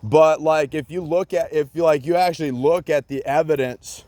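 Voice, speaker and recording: A man's voice: a little high, fairly even intonation, normal speed, a little mellow, no room sound. A man in a rambling solo rant, agitated and profane, repeating himself with many fillers and bits of sarcasm.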